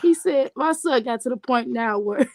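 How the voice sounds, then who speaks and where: A woman in her thirties chatting on a panel video call, an animated storyteller who acts out quotes and laughs often. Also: on the high side, moderate pace, no echo.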